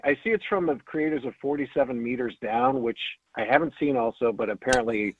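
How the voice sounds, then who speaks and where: A man's voice: medium pitch, fairly quick, no room sound. A man chatting casually as a guest co-host, joking and rambling. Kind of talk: casual chat. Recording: tinny phone-line sound.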